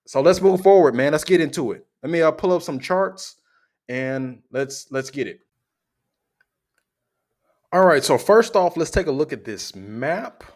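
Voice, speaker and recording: A man's voice: fairly high pitch, animated, measured pace, long pauses, darkish tone. Joking, conversational male channel host. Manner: joking, loose and conversational, speaks straight to viewers. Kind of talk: casual explainer commentary.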